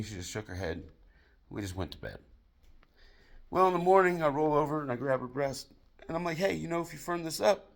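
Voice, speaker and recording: A man doing crude stand-up comedy, telling a long joke story with acted-out dialogue in a deadpan way. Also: mid-range voice, creaky. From United States.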